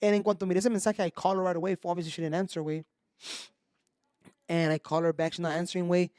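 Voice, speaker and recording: A man cohosting a podcast, with a fairly high voice and a rapid delivery. He tells stories in an animated, unfiltered way and slips into Spanish. The sound is dry and close. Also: smooth, dry recording. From Mexico. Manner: animated storytelling, swearing, mixing Spanish into English. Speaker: podcast co-host. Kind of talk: casual chat.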